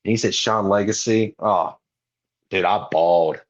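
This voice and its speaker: Lively young man telling stories, lo-fi audio. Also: low voice, measured pace. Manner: animated, slangy storyteller who acts out quotes. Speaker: podcast guest, professional wrestler. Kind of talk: casual storytelling.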